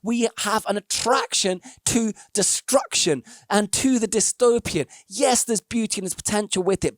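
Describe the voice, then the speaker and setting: A man, a musician, talks through his reaction to an ad in reflective commentary and slips into animated storytelling with voiced characters. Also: high-pitched, measured pace, few pauses, no room sound, clean studio sound.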